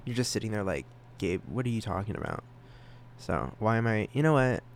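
Teen guy rambling on his podcast, giggly, goofy squeaky bits, faint hum behind. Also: very animated, a little fast, vocal fry. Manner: giggly, self-deprecating, jumps into sudden high silly voices. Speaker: podcast host.

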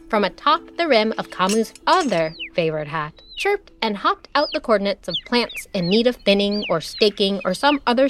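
Expressive woman telling a children's story. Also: mid-range voice, a little hiss or hum. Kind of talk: scripted children's story narration. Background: music.

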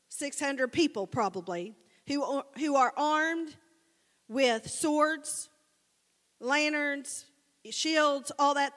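Woman pastor, high voice, relaxed conversational sermon, long church reverb. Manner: casual, animated storytelling, addresses the crowd as guys. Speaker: preacher. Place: church sanctuary.

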